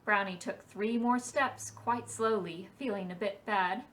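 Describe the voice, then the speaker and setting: A woman reading a picture book aloud at a library storytime for preschoolers, in a slow and expressive storybook cadence. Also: mid-range voice, recorded from a distance.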